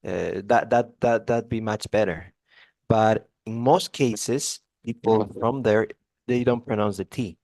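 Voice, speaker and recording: A man's voice: on the low side, takes it slowly, darkish tone, no echo. A man giving a one-on-one English pronunciation lesson, explaining patiently and repeating example words, with frequent restarts. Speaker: English tutor.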